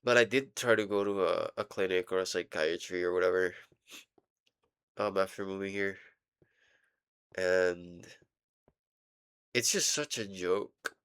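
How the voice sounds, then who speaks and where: A young man rambling casually in a diary vlog, halting and full of fillers, swearing now and then while he plays a game. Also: sits low, fairly bright tone, smooth, no room sound, clean studio sound. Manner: playing a game while talking. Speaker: vlogger.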